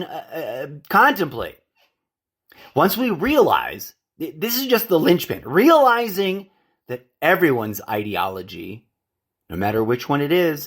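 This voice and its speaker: A man's voice: on the high side, fairly bright tone. Rambling, self-correcting male podcast host. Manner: ranting, digressive, corrects his own words; addresses listeners as folks and friends. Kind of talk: solo spoken monologue.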